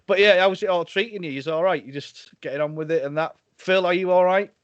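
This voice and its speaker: A man's voice: high-pitched, fast talker, clear, resonant tone, no room sound. A man hosting a podcast over a video call, chatting casually, laughing often and tripping over his words. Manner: jokey, laughs often, restarts a lot. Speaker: podcast host. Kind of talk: casual chat. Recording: dry, slightly dull audio.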